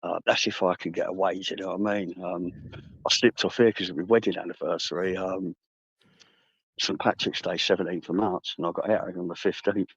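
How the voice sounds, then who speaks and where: Man, livestream caller, hesitant, gravelly, dull lo-fi audio. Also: sits low, fairly even intonation, fairly quick, no echo. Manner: hesitant, lots of fillers, easygoing. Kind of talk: casual chat.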